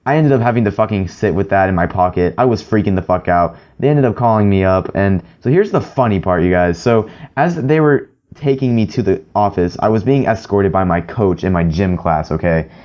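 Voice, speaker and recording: A man's voice: sits low, lively intonation, brisk, hardly any pauses, darkish tone, dull audio. A young man telling a story to his viewers in a rambling, profane way, full of filler words. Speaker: vlogger. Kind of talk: casual storytelling to camera.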